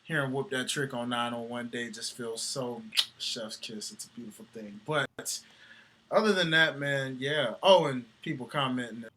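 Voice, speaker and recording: A man co-hosting a casual wrestling talk show, animated and slangy, laughing often. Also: mid-range voice, moderate pace, slight background noise. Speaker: podcast co-host.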